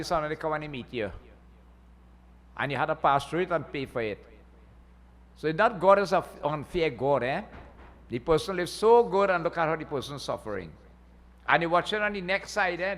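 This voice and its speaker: Speaking in a somewhat high, fairly bright voice, a pundit gives a folksy Hindu sermon and keeps checking in by asking listeners "eh?" The setting is a Hindu temple hall, recorded with its long reverb.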